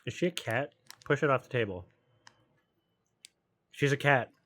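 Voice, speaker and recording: A man's voice: mid-range voice, a little slow, bright, forceful tone. A man casually commenting while watching a film, mumbling asides and puzzled questions between snacks. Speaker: film reviewer hosting a watch-along.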